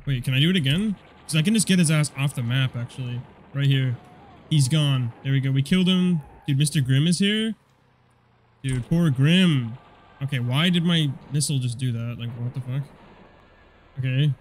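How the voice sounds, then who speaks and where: A young man giving casual, profane commentary over a car combat game, rambling and quick to get annoyed. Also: medium pitch, a little hiss or hum. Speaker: gameplay commentator.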